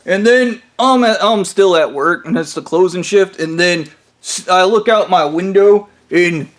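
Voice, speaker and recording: High-pitched male vlogger, rambling, profane, offhand storytelling. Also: measured pace, fairly bright tone. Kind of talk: casual storytelling vlog.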